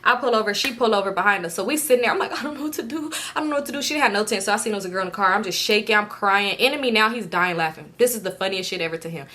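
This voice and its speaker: Bright-voiced woman telling a dramatic story. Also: medium pitch, racing, hardly any pauses. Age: late 20s. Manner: animated, dramatic retelling with slang and cursing. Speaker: storytime vlogger. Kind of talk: casual storytime vlog.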